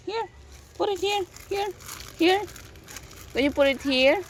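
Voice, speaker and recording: A very high, lively voice, unhurried and full of long pauses, belongs to a young Filipino mother vlogging with her kids. Standing outdoors near a clinic, she blends Tagalog and English in casual chat, coaxing and scolding her toddler. Passing vehicles make for a noisy traffic backdrop.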